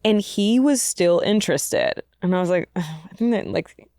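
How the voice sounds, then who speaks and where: A woman's voice: medium pitch, moderate pace, warm tone, no room sound, studio quality. A woman on a podcast, telling a personal story in a candid, self-mocking way and laughing often. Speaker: podcast guest. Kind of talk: casual storytelling chat. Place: podcast studio.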